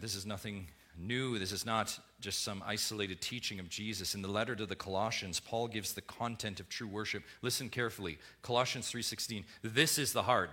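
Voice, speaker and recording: A man preaching a sermon as pastor, emphatic, swinging between hushed lines and loud ones. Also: mid-range voice.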